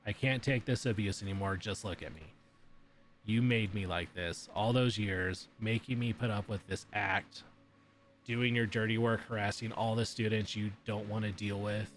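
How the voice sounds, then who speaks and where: A man's voice: lowish voice, fairly even intonation, moderate pace, slight background noise, natural voice. A man reading as a distraught young woman. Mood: desperate. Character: distraught young female student, cornered and lashing out.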